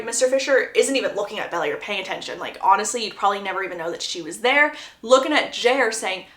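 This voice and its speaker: A woman giving a chatty, animated plot recap, laughing often and acting out the lines she quotes. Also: fairly high pitch, fast. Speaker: book recap youtuber. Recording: roomy echo.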